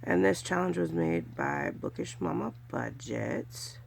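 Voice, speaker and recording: Her low voice swings hugely in pitch, moving a little slowly with vocal fry over a faint hiss or hum. This California budgeting vlogger chats casually through a cash challenge, counting bills aloud and cheering softly.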